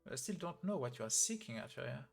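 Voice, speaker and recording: A man's voice: mid-range voice, big pitch swings, fast talker, gravelly, soft background music. A man reading as a weary old abbot. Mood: sorrowful. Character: weary old male abbot, sorrowful and devout.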